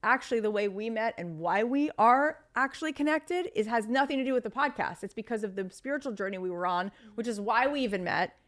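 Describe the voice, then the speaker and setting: A woman in her thirties, a podcast guest telling stories in casual conversation, chatty and animated with lots of fillers. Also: a little high, a little fast, few pauses.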